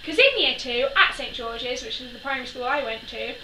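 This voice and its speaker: A woman's voice: high-pitched, expressive, a little fast, sharp tone. A young woman telling childhood stories in a casual vlog, giggling and acting out the people she quotes. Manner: giggly, acts out quoted voices. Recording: echoey room from a distance, faint noise.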